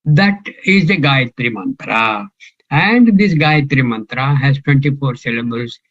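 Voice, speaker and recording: A man's voice: mid-range voice, expressive, unhurried, highs cut off. An older man teaching a scripture class, talking in a musing way and quizzing his students. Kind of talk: scripture class, question and answer.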